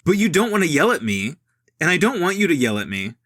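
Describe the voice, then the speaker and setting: A man reading the lines of a smooth rich young man who calmly talks an armed robber down. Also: a little high, fast, no room sound, clean studio sound. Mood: persuasive.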